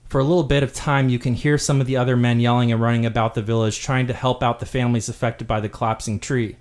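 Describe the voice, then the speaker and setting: A man in his role as game master, narrating a tabletop game backstory with steady, dramatic storytelling. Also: medium pitch, fast talker, few pauses.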